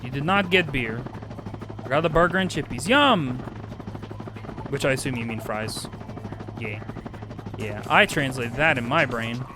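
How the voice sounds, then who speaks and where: A man streaming a video game live, chatting, swearing and jumping to excited high squeals. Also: moderate pace, long pauses. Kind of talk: live gameplay commentary. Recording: game music under the voice. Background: game music.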